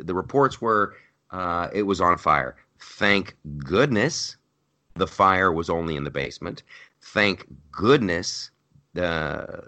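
A man with a lowish voice and a bright, forceful edge, hosting a podcast. His pitch swings all over as he talks, excitable and animated. He stumbles into restarts and tosses off sarcastic asides in casual political chat. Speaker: podcast host.

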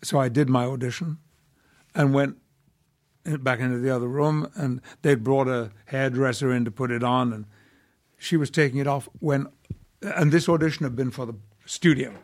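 An older man, an actor who is a guest on a podcast, telling stories in a measured, wry way. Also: mid-range voice, fairly even intonation. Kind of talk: casual podcast interview.

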